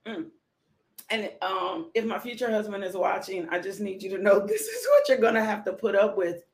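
A woman's voice: medium pitch, expressive, moderate pace. Goofy lady hosting a live morning devotional, laughing and reading comments, kinda echoey. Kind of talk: casual live-stream chat. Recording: roomy echo.

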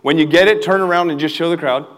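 A young man preaching an energetic sermon as a youth pastor, animated and laughing often as he calls on the crowd to respond. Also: a little high, quick pace. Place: church hall with a live audience. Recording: reverberant hall.

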